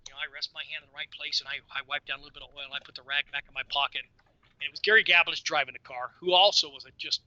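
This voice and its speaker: A man in his sixties, a podcast guest telling stories in an animated, casual way and repeating words as he goes. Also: a little high, racing, no room sound, dull audio. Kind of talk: casual storytelling.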